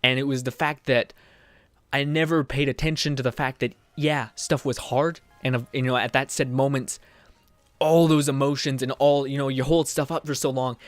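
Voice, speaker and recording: Halting young man confiding on camera. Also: medium pitch, fairly even intonation, dry recording. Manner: rambling, halting, many restarts and fillers. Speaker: vlogger. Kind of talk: personal confessional vlog.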